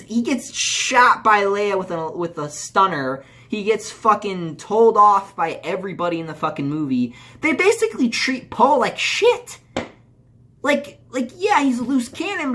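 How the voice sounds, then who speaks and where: Swearing more as he heats up, a young man rambles through a casual video movie review, full of fillers and restarts. His voice is very high and sharp.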